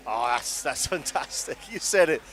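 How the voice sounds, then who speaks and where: A man's voice: mid-range voice, animated, moderate pace, fairly bright tone. A man co-commentating a cricket match, asking questions and reacting with enthusiasm. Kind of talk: live sports commentary.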